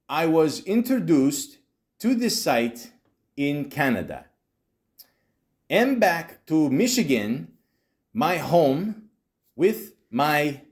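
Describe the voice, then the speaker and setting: Man doing a woman scammer voice, put-on accent, slow halting delivery, pitched up. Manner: slow, halting, exaggerated reading.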